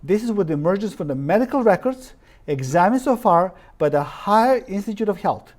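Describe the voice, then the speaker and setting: A man's voice: high voice, expressive, a little fast, a little mellow. Emphatic man lecturing from slides. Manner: reads quotes aloud, stresses words, drops articles. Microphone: live-stream recording.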